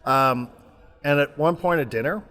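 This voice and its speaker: A man co-hosting a casual sports podcast, talking in a rambling, halting way with many restarts. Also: on the high side, bright, forceful tone, long reverb tail. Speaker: podcast co-host. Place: remote, traveling abroad.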